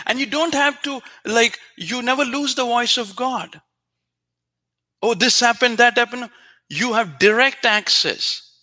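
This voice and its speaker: Bright high-voiced man teaching spirituality. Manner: earnest, repetitive, emphatic teaching. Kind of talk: spiritual talk to listeners.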